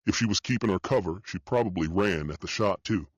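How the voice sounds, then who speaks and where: A man narrating a thriller audiobook in the first person, steady and matter-of-fact. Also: sits low, brisk, no echo. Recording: dull dry studio audio.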